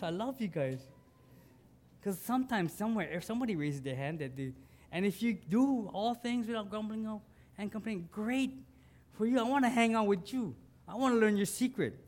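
A man preaching a sermon as pastor, conversational, asking his congregation questions and building to emphatic lines. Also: high voice.

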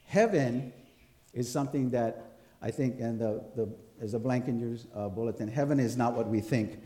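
A man preaching in a relaxed, storytelling way, often turning to the congregation for a nod. His voice is warm and mellow. The sound carries a roomy echo from the church around him. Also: mid-range voice, normal speed. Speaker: pastor. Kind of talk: conversational sermon.

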